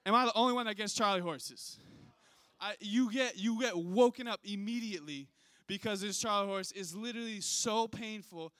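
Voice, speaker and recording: A male pastor telling a funny story in a sermon, animated and self-mocking, often checking in with the audience. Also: high-pitched, moderate pace, no echo.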